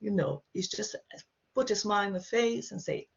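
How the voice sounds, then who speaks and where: A woman teaches to beginners over a video call, her coming through as she talks. She sounds a little gravelly and husky. She chats through each point and keeps checking in with her learners, and the audio is dull and lo-fi. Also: medium pitch, expressive, moderate pace. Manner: chatty, explains with frequent "okay?" checks. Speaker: Portuguese teacher. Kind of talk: online language lesson. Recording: dull lo-fi online class audio.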